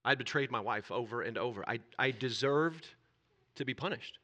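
A man giving an earnest personal testimony from a church stage, halting and repeating himself, his voice dropping very low at painful moments and rising when moved. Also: bright, forceful tone. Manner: earnest, halting confession that drops to near-whispers and swells when stirred. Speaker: church speaker.

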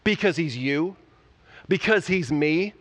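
A pastor preaching a sermon, enthusiastic and conversational, often asking the audience rhetorical questions. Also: male voice, a little high, animated, slow pace, fairly bright tone. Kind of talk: sermon, Bible teaching.

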